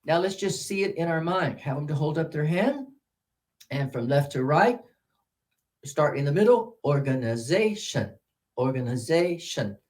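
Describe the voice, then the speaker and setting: A man giving a workshop on teaching English pronunciation, repeating words slowly and counting syllables aloud. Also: fairly high pitch, expressive, a little mellow. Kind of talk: teacher-training workshop talk. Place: presentation room with a mic.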